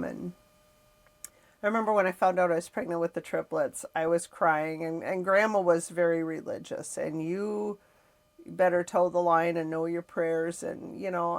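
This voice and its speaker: A woman's voice: on the low side, gravelly. A middle-aged woman hosting a podcast, telling a personal family story in a reflective, emotional way with frequent sighs. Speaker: podcast host.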